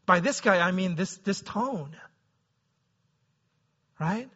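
Bright-voiced preacher, high and lively. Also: male voice, slow, breathy edge, highs cut off. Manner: conversational, often asks the listeners "right?". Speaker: pastor. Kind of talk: sermon.

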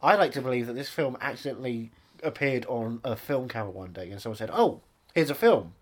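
A man's voice: medium pitch, quick pace. A man, co-hosting a podcast in casual chat, with dry sarcastic humor. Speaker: podcast co-host.

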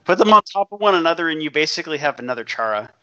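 Male co-host, fairly high voice, dry jokes, dull lo-fi sound. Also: lively intonation, racing, sharp tone. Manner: dry, joking asides. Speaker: podcast co-host. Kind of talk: casual chat. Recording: dull lo-fi audio.

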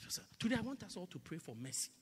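A male preacher delivering a sermon in a church, swinging between loud emphatic cries and hushed whispers and repeating phrases in a call-and-response rhythm. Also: high voice, big pitch swings, very fast, husky, in a large hall. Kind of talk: sermon with congregational prayer.

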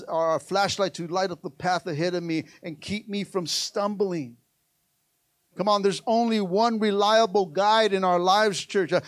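High-voiced preacher guy, calls out to the church, gets loud then goes real soft, dry close sound. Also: no room sound. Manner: preaching, swinging from shouted exhortation to soft hushed tones. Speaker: pastor. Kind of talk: sermon.

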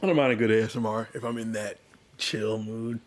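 A man's voice: lowish voice, fairly even intonation, brisk, slight background noise. A young man co-hosting a casual gaming podcast, rambling loosely and laughing often. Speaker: podcast co-host. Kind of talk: casual chat.

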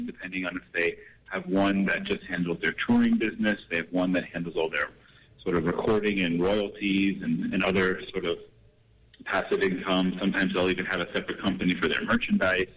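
A man talking as a guest in a radio interview, calling in and speaking in a measured way with many fillers. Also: low-pitched, steady tone, a bit bright, slightly rough, low-quality recording. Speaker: guest, artist manager. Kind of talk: phone-in interview.

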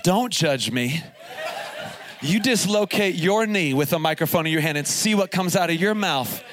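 A man's voice: fairly high pitch, animated, moderate pace, a bit bright. A male pastor preaching live at a camp service, telling funny stories and laughing as he goes. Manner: jokey, laughs through his stories. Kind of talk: humorous storytelling sermon.

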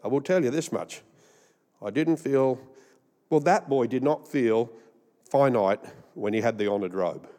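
Unhurried and mellow, this male pastor with an Australian accent has an expressive mid-range voice and pauses often. His sermon is humorous storytelling, rambling through jokes and laughing at his own punchlines, with a long hall reverb on the recording.

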